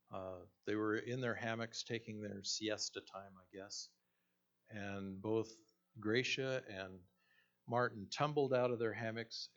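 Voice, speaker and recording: Slow-talking male preacher, muffled. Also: lowish voice. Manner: slow, storytelling, with many fillers and restarts. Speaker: pastor. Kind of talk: sermon. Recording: dull lo-fi recording.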